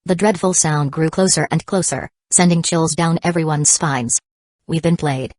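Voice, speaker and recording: A woman reads an action novel aloud in a low, steady voice. The sound is dry and close, with no room around it. Her delivery stays even and measured. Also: no echo. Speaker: audiobook narrator. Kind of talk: scripted audiobook narration.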